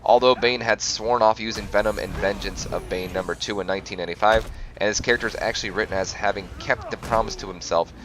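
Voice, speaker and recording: A man's voice: on the low side, fairly even intonation, fast talker, hardly any pauses, background noise. A man hosting a game playthrough, reading facts aloud and often stumbling and correcting himself. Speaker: gaming channel host.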